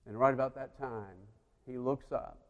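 A man preaching a sermon, retelling a story and acting out the voices, swinging between loud and hushed. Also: medium pitch, moderate pace, muffled recording. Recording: long hall reverb.

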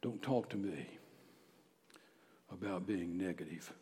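Low-voiced male pastor, sermon delivery that swings from emphatic to hushed, reverberant sanctuary sound. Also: takes it slowly. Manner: emphatic, dropping to hushed near-whispers. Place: church sanctuary. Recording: long hall reverb.

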